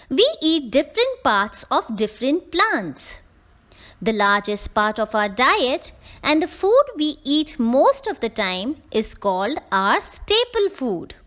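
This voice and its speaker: A woman teacher, slowly explaining a textbook lesson to young children and spelling out words letter by letter. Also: fairly high pitch, fairly bright tone, dull audio. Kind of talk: classroom lesson reading from a textbook.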